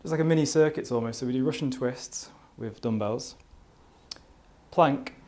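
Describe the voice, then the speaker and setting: Speaking in a mid-range voice with a darkish tone and moderate pace, a young man vlogs about fitness outdoors in a garden. His talk to camera is relaxed and rambling, peppered with "you know."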